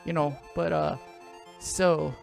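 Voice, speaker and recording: A man's voice: fairly high pitch, steady tone, slow pace, gravelly. A man in his thirties from South Louisiana with a South Louisiana accent, chatting casually and rambling as he plays a video game. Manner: rambling, loses his train of thought. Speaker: gaming show host. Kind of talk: casual chat while playing a video game. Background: game music.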